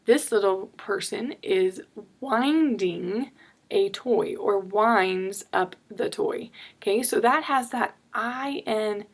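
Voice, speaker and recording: A woman teaching a phonics lesson to young children, patient and deliberate, spelling words out letter by letter and checking in with "okay?". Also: mid-range voice.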